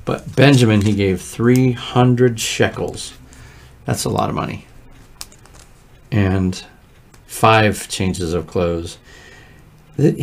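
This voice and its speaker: A man leading morning prayer as pastor, reading scripture and explaining it with lively, conversational asides. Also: fairly low pitch, gravelly. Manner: conversational, lively asides, frequent "right?" check-ins. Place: church.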